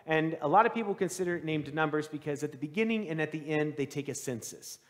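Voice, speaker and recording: A male pastor with a high voice delivers a chatty sermon, tossing questions out to the congregation and slipping into the voices of the people in his story. His words ring out with a long reverb in a church sanctuary. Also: lively intonation, fast talker. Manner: conversational, quizzes the congregation; acts out quoted voices.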